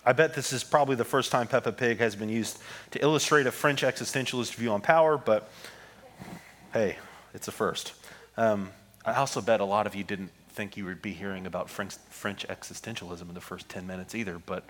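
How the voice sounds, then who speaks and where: A man's voice: lowish voice, a little fast, fairly bright tone. Man preaching in a reverberant hall. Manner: conversational preaching with fillers and asides. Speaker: pastor. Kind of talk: sermon.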